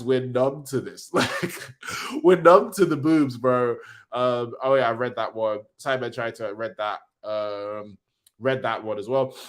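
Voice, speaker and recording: A man hosting a casual manga reaction, reading panels aloud in an excitable, slangy way. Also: mid-range voice.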